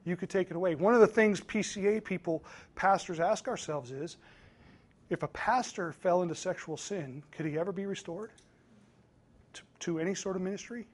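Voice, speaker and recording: A man's voice: sits high, normal speed. A man in his thirties, a pastor, giving an earnest, conversational church training talk full of anecdotes.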